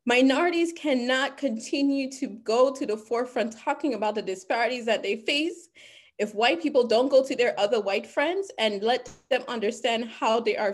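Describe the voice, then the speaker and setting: Earnest impassioned woman speaker. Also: fairly high pitch. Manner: earnest, emphatic, becomes emotional. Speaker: guest speaker. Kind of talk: impassioned talk.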